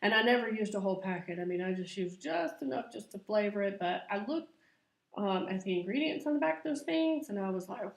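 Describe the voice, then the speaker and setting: Speaking a little fast with vocal fry at medium pitch, a middle-aged woman records a casual confessional vlog. She laughs frequently, and her room at home sounds echoey.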